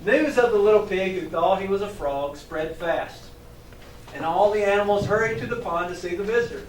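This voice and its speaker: There's a little hiss or hum as a high-voiced man, a teacher trainer, reads a picture book to kids at normal speed. He's lively, chuckles, and stops to ask the children questions, captured from a distant mic in an echoey room with faint ambience.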